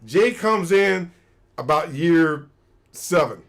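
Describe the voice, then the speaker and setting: On a livestream, a middle-aged man who is a retired special forces soldier tells stories casually as a guest, acting out the quoted dialogue. His voice is a little high and animated, and he takes it slowly.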